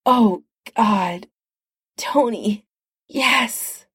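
A woman's voice: a little high, drawn-out words, breathy edge, no room sound, studio quality, voice pushed up, heavily acted. Steve, a tender devoted man, as a woman reads him. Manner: soft, affectionate murmur.

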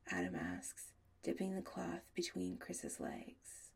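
A woman narrating an audiobook in a soft, often half-whispered delivery. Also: a bass voice, huge pitch swings, slow pace, gravelly, husky.

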